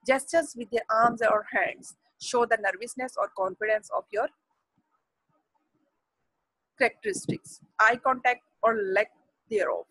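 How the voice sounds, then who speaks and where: Husky-voiced Indian woman teaching a lesson. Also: on the high side, fairly bright tone, no room sound, poor audio. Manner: halting, with restarts, switching between English and Hindi. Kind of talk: classroom lecture.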